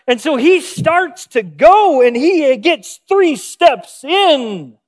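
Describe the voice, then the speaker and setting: Speaking slowly in an extremely high voice with big pitch swings, a male pastor begins his sermon by telling a story and performing each character's quoted lines.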